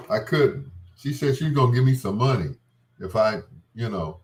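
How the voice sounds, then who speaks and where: Animated, rambling male comic host. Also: medium pitch, moderate pace. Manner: rambling, laughs often, slips into voices. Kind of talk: comedic storytelling monologue.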